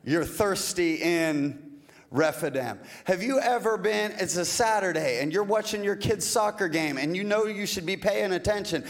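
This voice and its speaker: A pastor delivering a sermon in a conversational, relatable way, full of rhetorical questions. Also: male voice, sits high, expressive, normal speed.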